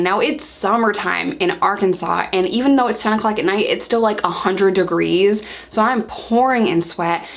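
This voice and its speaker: A young woman telling her own story to camera in casual talk, animated and acting out what she once said. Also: mid-range voice. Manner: animated, acts out her own past lines.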